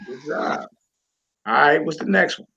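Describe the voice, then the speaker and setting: A man's voice: on the high side, animated, a little slow, vocal fry, bright, forceful tone, lo-fi sound. A man teaching a reading lesson, patient and encouraging, repeating words and checking in with the learner often.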